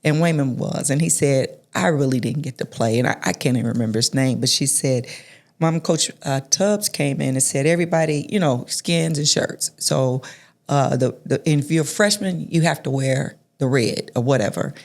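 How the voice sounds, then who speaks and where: A middle-aged woman, a guest in an interview, telling stories in a reflective, soft-spoken way with many restarts. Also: extremely low pitch, moderate pace, creaky. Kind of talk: conversational storytelling.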